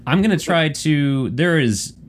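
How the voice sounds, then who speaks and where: A man's voice: on the high side, animated, unhurried, slight background noise. A man hosting a casual podcast chat, rambling with stumbling restarts and the odd swear. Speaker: podcast host.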